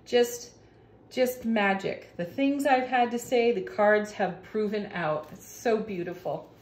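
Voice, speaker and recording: A woman reading tarot cards in a casual, gushing way, laughing often. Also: mid-range voice. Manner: slow, warm-hearted, laughs often, gushing about the cards. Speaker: tarot reader. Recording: echoey room.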